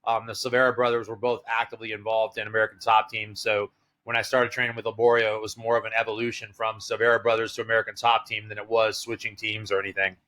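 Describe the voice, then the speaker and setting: A middle-aged man, appearing as a podcast guest, tells a long rambling story packed with fillers and quotes of what other people said. His voice sits on the low side, level in tone, fast, bright and forceful.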